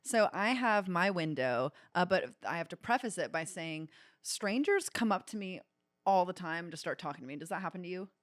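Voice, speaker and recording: A woman co-hosting a comedy podcast, casually chatting and telling stories with lively acted-out quotes. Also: on the low side, normal speed, no echo, clean studio sound. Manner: animated storyteller, acts out quotes. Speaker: podcast co-host. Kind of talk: casual chat.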